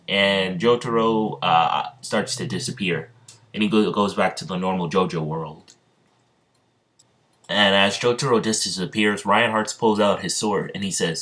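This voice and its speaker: Low voice, casual storyteller, lots of um and uh restarts. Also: male voice, unhurried, a bit bright. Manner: rambling, many fillers and restarts. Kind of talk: casual fan-story narration.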